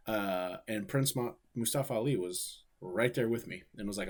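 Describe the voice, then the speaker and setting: A man's voice: on the low side, normal speed, few pauses. A man from Ohio, speaking, chatting casually and rambling on a livestream while answering viewer questions. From Ohio, USA. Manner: laid-back, rambling, swears freely. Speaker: wrestler streaming and watching his matches.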